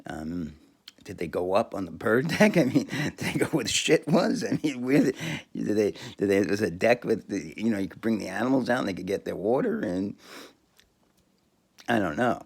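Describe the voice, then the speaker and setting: A man's voice: on the low side, expressive, normal speed, gravelly, husky. A man talking alone on his podcast, crude and rambling, often breaking into laughter and restarting his sentences. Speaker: podcast host. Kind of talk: rambling solo monologue.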